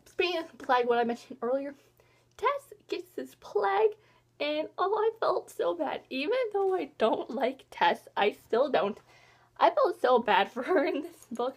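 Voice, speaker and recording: A woman talking casually in a vlog, rambling and excitedly reviewing a book she loves and hates parts of. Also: sits high. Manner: animated swings between loud and soft. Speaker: book vlogger.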